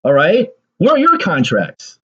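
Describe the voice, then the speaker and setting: Husky, agitated man ranting. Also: a little high, huge pitch swings, measured pace, fairly bright tone, dull audio. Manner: sarcastic, agitated, laughs bitterly, swears. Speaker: political commentator. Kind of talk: ranting solo commentary.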